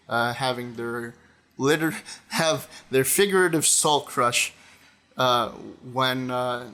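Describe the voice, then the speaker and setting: A young man giving an unscripted commentary monologue, pausing often with fillers and restarting his sentences. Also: mid-range voice, sharp tone. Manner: hesitant, many fillers and restarts. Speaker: video essayist.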